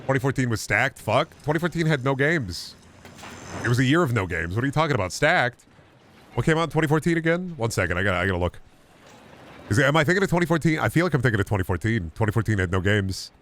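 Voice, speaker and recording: A man's voice: mid-range voice, very animated, quick pace, fairly bright tone. A young adult man chatting casually on a gaming livestream, rambling and joking with lots of swearing. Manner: rambling, profane, jokey. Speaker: gaming streamer.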